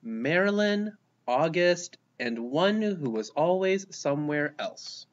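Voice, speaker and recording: Lively man reading a picture book. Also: a little high, slow, dull audio, a little hiss or hum. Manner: lively, expressive reading with voiced characters. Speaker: storybook reader. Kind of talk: children's picture book read-aloud.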